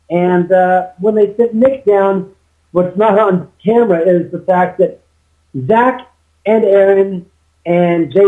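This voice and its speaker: A man as an interview guest, telling a long story with many restarts and quoted dialogue. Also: sits high. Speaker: guest, homeowner. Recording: tinny phone line.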